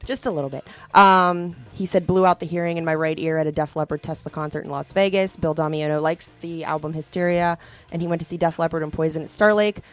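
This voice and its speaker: A woman's voice: low voice, steady tone, quick pace, faint music behind. A woman from Philadelphia co-hosting a rock podcast, reading notes and listener comments in an easygoing, casual way. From Philadelphia, USA. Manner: easygoing, laughs often, reads from notes. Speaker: podcast co-host.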